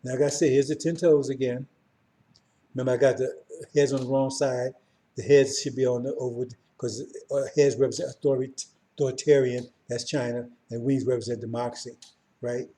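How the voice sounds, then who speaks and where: A man's voice: medium pitch, level tone, brisk, warm tone. A middle-aged man teaching an informal Bible class in an emphatic way, often asking his listeners "right?" and "see?". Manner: emphatic, keeps checking in with listeners.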